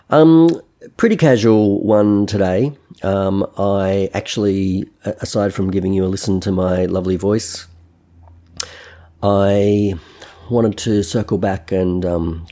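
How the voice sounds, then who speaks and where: A man's voice: low-pitched, warm tone. A man hosting a casual podcast, sounding nasal and congested while recovering from a chest infection, rambling with many ums. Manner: rambling, lots of ums and restarts. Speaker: podcast host. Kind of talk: casual solo podcast talk.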